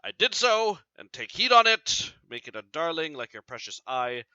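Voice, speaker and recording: A man's voice: a little high, big pitch swings, moderate pace, bright, forceful tone, clear, resonant tone, no room sound, full character voice. A man reading the lines of a jealous, furious husband in a demanding tone, recorded dry and slightly dull. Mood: solemn. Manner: demanding, interrogating.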